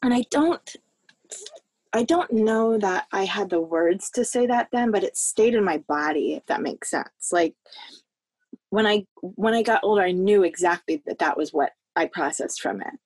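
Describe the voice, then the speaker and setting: Podcast guest, woman from the American South. Heartfelt, halting storytelling, dry close mic. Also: mid-range voice, animated, a little mellow, slightly rough, no echo. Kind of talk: personal storytelling in a podcast interview.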